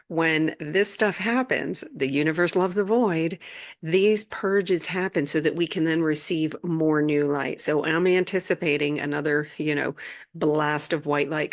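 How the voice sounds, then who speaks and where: A woman hosting a casual spiritual energy update, gentle and reassuring, laughing now and then. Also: low voice. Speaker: spiritual channel host.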